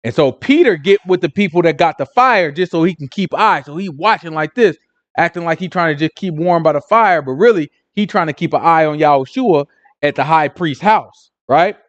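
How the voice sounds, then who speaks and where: A man's voice: fairly high pitch, expressive, normal speed, no room sound, lo-fi sound. A man teaching a casual Bible lesson, retelling scripture in street slang and acting out the voices of onlookers while checking in with his listeners.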